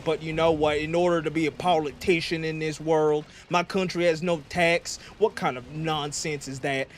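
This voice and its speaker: Male streamer, higher-pitched voice, doing a crude mock-patriotic president bit over gameplay, stammering restarts throughout. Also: fairly even intonation, moderate pace, few pauses, slight background noise. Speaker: VTuber streamer. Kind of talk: comedic gameplay commentary in character.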